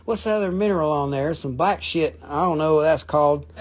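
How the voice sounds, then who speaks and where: A man's voice: a little high, brisk. A man hosting a casual live stream, selling rocks with profane, rambling jokes. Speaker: live stream rock seller.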